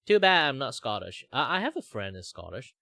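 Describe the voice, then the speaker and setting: A man's voice: mid-range voice, big pitch swings, fairly quick, creaky, pushed and bright, dry recording. A man from Malaysia, chatting casually on his stream in a rambling way, with lots of fillers. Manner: rambling, with many fillers and laughs. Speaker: streamer host.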